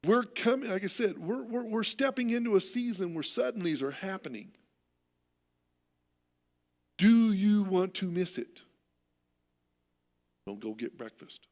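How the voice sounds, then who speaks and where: A middle-aged American man preaching a sermon as pastor, telling stories in an animated way and often repeating words. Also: high-pitched, a little slow, long pauses.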